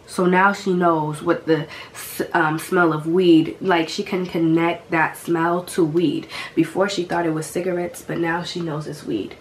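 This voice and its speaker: A woman's voice: on the low side, measured pace, hardly any pauses, a little hiss or hum. Sick young woman telling a story. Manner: animated, slangy, talks straight to viewers. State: sick with a cough. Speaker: vlogger. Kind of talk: casual storytime vlog.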